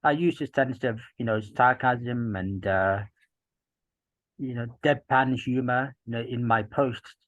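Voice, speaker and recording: A man in his fifties from Gloucester in England, a podcast guest talking in a measured, reflective way with many "you know"s, through earpieces. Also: mid-range voice, no echo, highs cut off. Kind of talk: casual interview chat.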